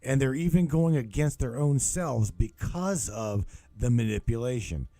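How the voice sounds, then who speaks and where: A man hosting a call-in show and chatting casually with a caller, talking emphatically, swearing freely, and swinging between low murmurs and excited bursts. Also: a little slow, no room sound. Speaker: host.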